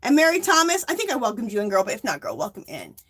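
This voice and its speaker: A middle-aged woman hosting a livestream, telling a rambling story in a casual, animated way. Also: a little high, quick pace, husky. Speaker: livestream host.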